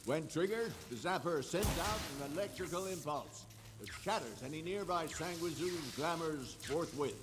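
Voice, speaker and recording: A man playing a formal institute leader in a video game, giving a grand, stately speech. His voice sits fairly high, with clear noise behind it. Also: lively intonation, normal speed, natural voice.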